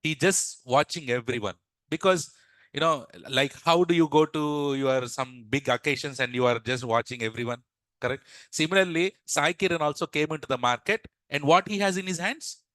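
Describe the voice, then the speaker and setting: A man's voice: on the high side, moderate pace, a bit bright, no echo, poor audio. A man teaching a class through a story, often repeating questions and asking the class "yes or no". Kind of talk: classroom lesson told as a story.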